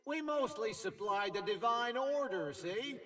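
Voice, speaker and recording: An actor voicing the chatty ghost of an old mill overseer, with a northern English accent and a folksy, drawling manner. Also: male voice, very high voice, lively intonation, unhurried, pushed and bright, far from the mic, full character voice. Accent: northern English, as acted.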